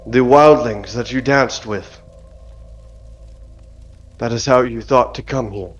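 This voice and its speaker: A man voicing a solemn male wildling elder who is grieving, speaking slowly and gravely, on dull lo-fi audio with faint music. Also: medium pitch.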